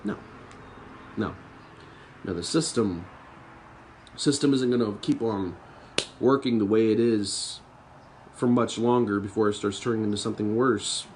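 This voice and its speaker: A man's voice: lowish voice, measured pace, long pauses, a little mellow, slight background noise. Young man on a profane, bitter rant. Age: young adult. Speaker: podcast host. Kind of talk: angry political rant to camera.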